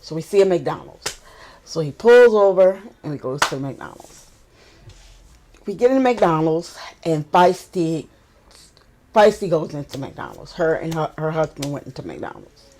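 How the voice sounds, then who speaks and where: A woman's voice: sits low, measured pace, slight background noise. A young woman from New Orleans with a local accent, chatting casually as she tells a story to her vlog viewers. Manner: chatty, relaxed, repeats phrases while telling a story. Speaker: vlogger.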